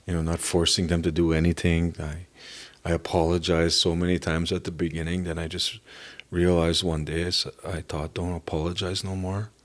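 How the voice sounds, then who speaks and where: Middle aged guy telling his testimony, real low voice, emotional and halting. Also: completely flat delivery. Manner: earnest, halting, emotional at times. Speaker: podcast guest. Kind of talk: personal testimony in an interview.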